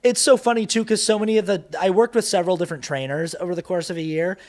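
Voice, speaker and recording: A man with a somewhat high voice tells a story on a casual podcast. He laughs a lot as he goes and acts out other people's lines with loud bursts. His delivery stays loose and chatty. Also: fast talker. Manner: animated, laughing, acts out quotes in raised voice. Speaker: guest actor and creator.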